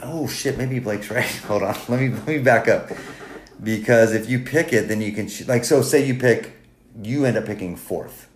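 A man co-hosting a casual fantasy football podcast, talking in a halting, rambling, joking way. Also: medium pitch, a little hiss or hum. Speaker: podcast co-host. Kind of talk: casual chat. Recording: roomy echo.

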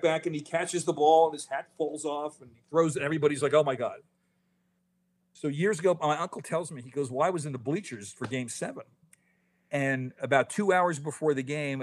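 Animated storytelling man in his fifties. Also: mid-range voice. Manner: animated storyteller, quick restarts, frequent "you know". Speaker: author guest. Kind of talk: casual podcast interview.

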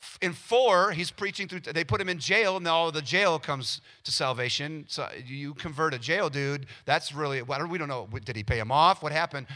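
A male pastor preaching a sermon, animated and acting out little everyday scenes with quoted voices. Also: a little high, moderate pace, hardly any pauses.

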